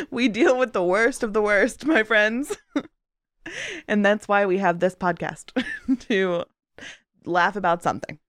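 A woman's voice: mid-range voice, measured pace, long pauses, no echo. A young adult woman co-hosting a podcast, chatting casually and laughing often as she tells stories. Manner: laughs often, animated storytelling. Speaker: podcast co-host. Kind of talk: casual chat.

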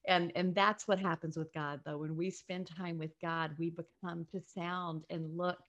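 A woman's voice: lowish voice, level tone, moderate pace, a bit bright, highs cut off. A woman from Memphis hosting a casual faith talk, affirming her guest and sharing stories. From Memphis, US South.

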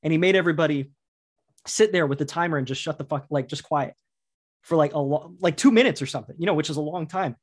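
A man hosting a casual chat, quick and talkative, agreeing a lot and teasing his guest. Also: fairly high pitch. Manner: quick and chatty, lots of agreeing "yeah"s and teasing.

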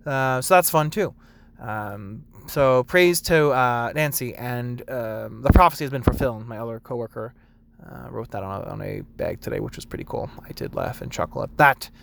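A young man, a barista, rambling casually about work, full of fillers and bits where he acts out customers in a high sing-song voice. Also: normal speed, creaky, a bit bright, slight background noise. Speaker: barista vlogger.

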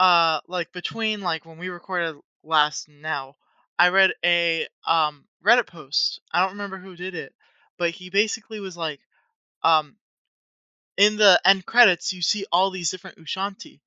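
Female co-host, bright and smooth, excitable casual chatter, dry recording. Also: fairly low pitch, normal speed, dry recording, lo-fi sound. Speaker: podcast co-host. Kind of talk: casual chat.

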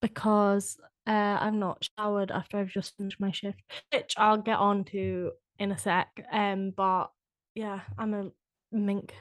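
An English woman co-hosting a casual podcast, quick to agree and self-deprecating. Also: mid-range voice, flat delivery, no room sound. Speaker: podcast co-host, fitness instructor. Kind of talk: casual chat.

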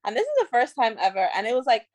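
A woman's voice: fairly high pitch, very animated, racing, darkish tone. A woman in her twenties, a podcast co-host chatting candidly, often restarting her sentences. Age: 20s. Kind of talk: casual chat.

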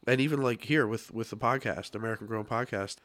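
A man's voice: mid-range voice, fast, a bit bright, dry recording. A man hosting a podcast studio chat, upbeat and encouraging, his voice a little worn as he loses it. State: losing his voice. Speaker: podcast host.

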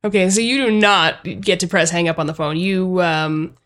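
A woman's voice: fairly low pitch, normal speed, a bit bright. A woman running a comedy tabletop game as game master, casual and blunt with frequent hesitations. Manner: casual, hesitant with many ums, blunt and crude.

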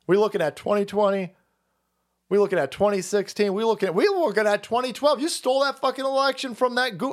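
A man's voice: sits high, moderate pace. A man hosting a livestream, ranting profanely and sarcastically, often laughing. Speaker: host. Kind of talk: livestream political rant.

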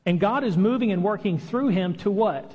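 A man's voice: sits high, expressive, normal speed, a little mellow, husky, long reverb tail, dull audio. A man preaching a sermon in a conversational way, acting out the lines he quotes. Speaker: pastor. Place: church hall.

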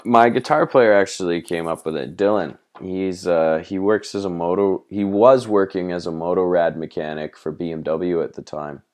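Band guest: Canadian man, deep, easygoing chat, laughs a lot. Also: darkish tone. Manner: laid-back, laughs often, swears casually. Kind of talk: casual interview chat.

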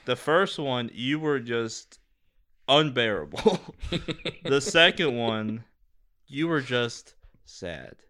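Bright-voiced young man, laughing storyteller. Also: medium pitch, expressive, takes it slowly, pauses often. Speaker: podcast co-host. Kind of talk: casual chat.

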